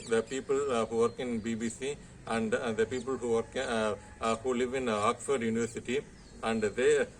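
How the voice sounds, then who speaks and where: A male college lecturer with an Indian English accent talks his students through a lesson. His delivery is halting, padded with constant "uh" fillers and checks of "okay". His voice sits at an ordinary middle pitch, with a faint hiss behind it. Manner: hesitant, heavy "uh" fillers and frequent "okay". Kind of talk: classroom lecture.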